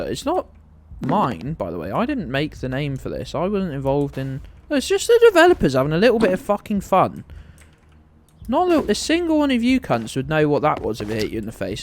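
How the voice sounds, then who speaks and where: A man's voice: on the high side, a little hiss or hum. Sweary British man streaming a game. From Britain. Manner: sweary, sarcastic banter. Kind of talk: casual gameplay commentary.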